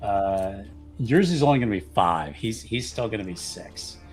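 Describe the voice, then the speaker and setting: Low-voiced man running a vampire game. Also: moderate pace, over music. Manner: relaxed, hesitant with fillers. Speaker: game master. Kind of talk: narrating a tabletop game.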